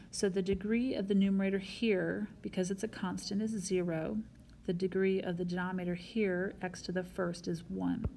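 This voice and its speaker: A woman's voice: lowish voice, gravelly, dark tone, slight background noise. A woman math teacher recording a whiteboard lesson, explaining each step patiently and talking straight to her students.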